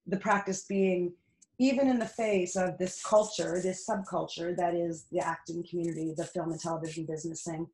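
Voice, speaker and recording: A woman's voice: lowish voice, steady tone, normal speed, darkish tone, reverberant, low-quality recording. A middle-aged Canadian woman with a Canadian accent, guest on a podcast, speaking in an earnest, reflective way with frequent restarts. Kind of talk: casual interview conversation.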